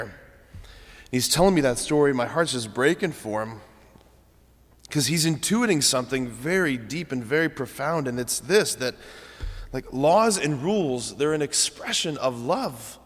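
A man's voice: medium pitch, expressive, measured pace. Young priest telling a story in his homily, casual and chatty, lots of uhs and likes, big echoey church. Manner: conversational storytelling with frequent fillers. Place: large church. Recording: long church reverb.

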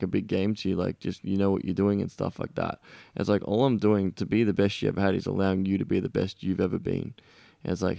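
A man, hosting a podcast in casual chat, telling stories quickly and swearing freely. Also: deep voice, gravelly, darkish tone, dry recording, studio quality. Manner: fast, swearing, storytelling. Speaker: podcast host.

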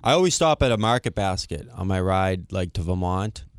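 A man's voice: sits low, animated, normal speed, no room sound, studio quality. Laid-back young man. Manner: laid-back banter, reads the show rundown. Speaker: podcast co-host. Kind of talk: casual chat.

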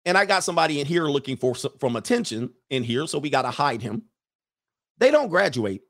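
A man's voice: on the high side, big pitch swings, fairly quick. A man hosting a livestream show, giving a mocking, profane monologue full of repeated rhetorical questions.

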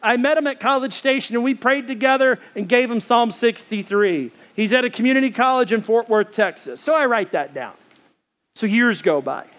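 A man preaching a sermon in a church as pastor, telling a story with lively acted-out dialogue. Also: very high-pitched, normal speed. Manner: animated storytelling, acting out dialogue.

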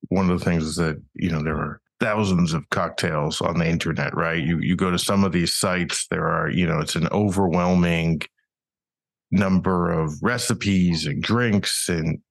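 Deep-voiced man co-hosting, asking "right?". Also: steady tone, unhurried, vocal fry. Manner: rambling, with many "you know" and "right?" tags. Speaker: podcast co-host. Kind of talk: casual podcast chat.

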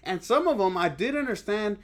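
A podcast host with Spanish as his first language talks in a relaxed, swearing, joking way. His voice sits a little high for a man. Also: brisk. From Texas. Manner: loose, profane, laughing storyteller. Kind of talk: casual chat.

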